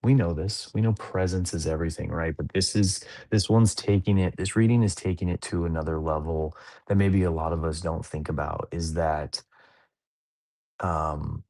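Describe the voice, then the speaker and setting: A middle-aged man hosts a laid-back dad podcast, rambling and poking fun at himself as he recounts his day. His voice is low and darkish, with fairly even intonation and a moderate pace.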